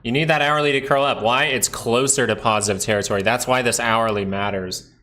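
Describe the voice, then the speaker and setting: A man hosting a live stock market stream, chatting casually over charts, excitable and asking himself questions as he thinks aloud. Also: mid-range voice, brisk. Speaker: stock market livestream host.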